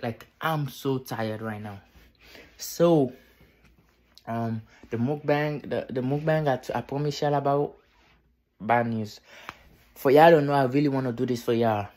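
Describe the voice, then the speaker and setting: A tired young man vlogging from his bedroom at night, keeping his voice low and repeating himself. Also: a little slow, long pauses. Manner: tired, quiet near-whisper, repetitive. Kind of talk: casual vlog talk to camera.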